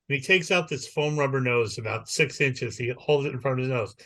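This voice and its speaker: A podcast co-host with a medium-pitched voice talks briskly with few pauses in casual chat. He tells a long, rambling story with animation, acting out the people he quotes.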